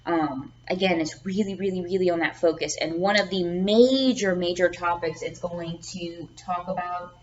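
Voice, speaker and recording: A woman's voice: fairly low pitch, normal speed, hardly any pauses. A woman teaching a class lecture. She often says um, repeats words and checks in with "okay?". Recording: dull lo-fi recording with faint background noise.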